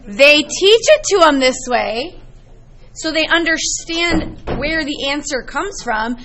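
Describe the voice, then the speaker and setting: Middle-aged woman math teacher, bright tone, lively storytelling to a class. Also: sits high, slow pace, a little hiss or hum. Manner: lively, chatty storytelling to students.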